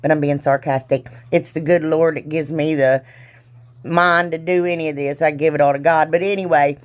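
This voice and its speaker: A woman's voice: low-pitched, steady tone, moderate pace. A woman hosting a crafting tutorial in chatty voice-over, rambling and teasing herself, often trailing off with a giggle and calling her viewers "y'all.". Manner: loose and giggly, trails off mid-sentence. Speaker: craft channel host.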